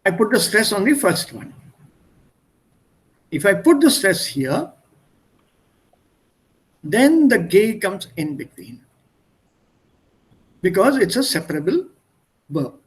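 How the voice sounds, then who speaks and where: A man's voice: high voice, sing-song, slow pace, pauses often. A man teaching German in an online one-on-one lesson over a video call, patiently explaining by repeating synonyms. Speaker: German tutor.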